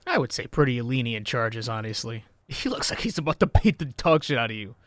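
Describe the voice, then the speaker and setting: A man's voice: mid-range voice, expressive, brisk, no echo. A man hosting a casual reaction video, sarcastic and profane, joking about an old movie as he watches it. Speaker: host reacting to an old film.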